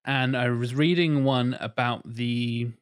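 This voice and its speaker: A man in casual podcast talk with a mid-range voice. He talks in an animated way and slips into playful mock voices to make a point. The chat is loose and conversational. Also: medium pitch, slow, clean tone. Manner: animated, acts out voices in quotes. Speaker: podcast co-host.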